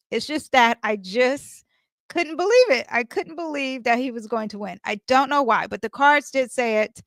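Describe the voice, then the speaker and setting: Woman, tarot and astrology reader, chatty, animated, fairly high voice, dry close sound. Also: dry recording. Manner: chatty, laughs often, many fillers and asides. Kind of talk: casual tarot and astrology reading.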